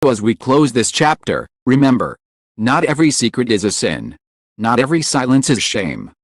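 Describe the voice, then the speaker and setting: A man's voice: mid-range voice, big pitch swings, moderate pace, dry recording, studio quality. A man giving a scripted, dramatic narration with solemn, lingering emotional phrasing. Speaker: channel narrator.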